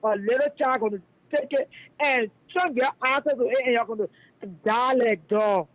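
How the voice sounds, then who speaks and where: A man with a Liberian English accent rants fiercely over a tinny phone line, his voice pitched unusually high for a man. He calls in to a radio show and hammers the same accusations again and again. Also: brisk, dry recording. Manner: fiery, denouncing, repetitive. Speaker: radio caller. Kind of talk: heated call-in rant.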